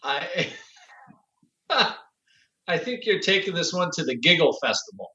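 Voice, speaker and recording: A high-pitched man co-hosting a casual podcast chat, rambling and laughing through his sentences. His line sounds roomy and echoey, with a dull, muffled tone. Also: sing-song, measured pace, sharp tone. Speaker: podcast co-host.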